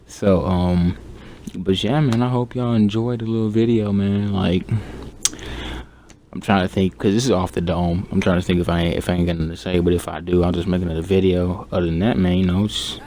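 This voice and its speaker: A young man giving off-the-cuff gaming advice as a YouTuber, keeping his voice subdued and monotone, rambling casually with lots of fillers. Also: low voice, moderate pace. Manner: laid-back, rambling with many fillers.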